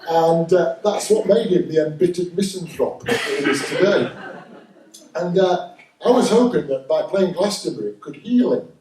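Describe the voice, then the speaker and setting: A Northern English man performs stand-up with a dry, wry delivery. His fairly high voice rises and falls a great deal. The sound is caught from across a roomy live venue. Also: animated, moderate pace, noisy background. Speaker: stand-up comedian. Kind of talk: stand-up comedy set. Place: live comedy venue with audience. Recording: roomy live recording from a distance.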